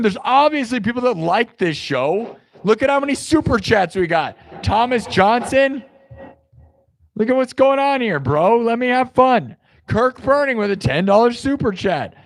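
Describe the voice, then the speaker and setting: A man's voice: very high-pitched, sing-song, normal speed, gravelly. A man hosting a livestream, chatting loosely with his viewers and reading their comments aloud, full of "like" and "dude". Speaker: livestream host of an improvised music show. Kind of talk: casual chat reading live comments.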